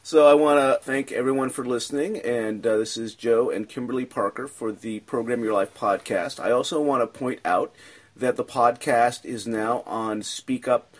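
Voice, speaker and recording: A man hosting a podcast, speaking politely and in a measured way as he thanks guests and closes the show. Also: medium pitch, husky. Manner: polite, measured, brief acknowledgements. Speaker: podcast host.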